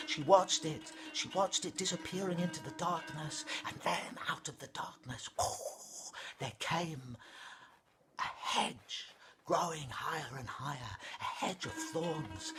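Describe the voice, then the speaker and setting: A male storyteller spinning a fairy tale at a very unhurried pace. He lingers over words and often sinks into a hushed whisper. Soft music sits faintly behind him. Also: on the high side. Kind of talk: storytelling for adults.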